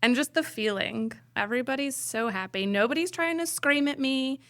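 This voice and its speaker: A woman's voice: high voice, normal speed, a bit bright, dry recording. A woman paramedic speaking candidly as a guest on a podcast, telling stories from her work. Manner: candid, storytelling, blunt. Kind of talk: casual podcast interview.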